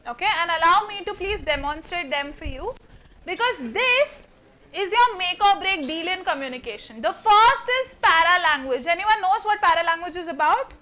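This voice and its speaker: A woman with an Indian English accent, a communication trainer giving an energetic, theatrical workshop lecture and quizzing the students in the room. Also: very high voice, normal speed. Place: classroom with a live student audience.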